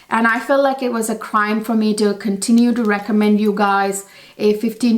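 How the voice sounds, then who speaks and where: A woman reviewing fragrances in a chatty vlog, gushing and often turning to her viewers. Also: mid-range voice. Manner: chatty, gushing, keeps addressing viewers as you guys.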